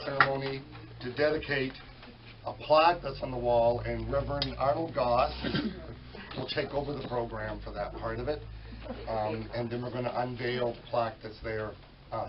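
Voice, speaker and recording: A man with a weak voice guides a library dedication ceremony, his announcements folksy and full of small self-corrections. He is heard from well back on a dull, muffled recording. A gathered crowd chatters clearly behind him. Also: medium pitch, distant mic. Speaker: master of ceremonies. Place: library at a public dedication event.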